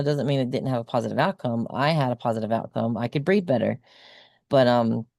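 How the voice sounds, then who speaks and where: A woman's voice: rumbling low, dark tone, no room sound, studio quality. A woman guest on a video call, casually recounting a personal experience in a rambling way, with lots of ums and likes.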